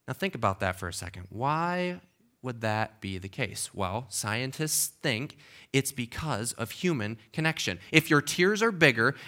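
Preaching as pastor in a church, a man with a fairly high, bright, forceful voice keeps things conversational and emphatic. He regularly checks in with the congregation, with lots of okays and restarts.

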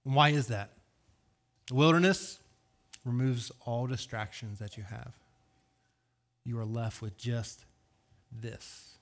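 A pastor delivers a sermon in an earnest, searching way. His pitch sits mid-range for a man, neither high nor low. He poses question after question, letting some words fall quiet and pushing others out with force. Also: unhurried, long pauses. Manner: earnest, swings between hushed and raised delivery; asks rhetorical questions.

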